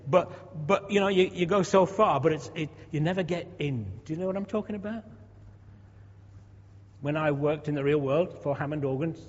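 A man in his sixties delivers a sermon in church at normal speed, his voice on the high side. He talks conversationally, repeating words and asking rhetorical questions, in a dull, echoey hall recording.

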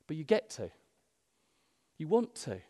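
Preacher, reverberant hall. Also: male voice, fairly high pitch, measured pace. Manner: animated, swings from loud emphasis to hushed. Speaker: pastor. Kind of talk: sermon. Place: church.

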